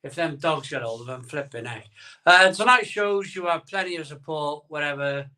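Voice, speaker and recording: Bright-voiced man rambling on a stream. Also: on the high side, expressive, normal speed, recorded from a distance. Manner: rambling, reads viewer comments aloud. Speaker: live-stream host. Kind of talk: casual live-stream chat. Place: home room, live stream.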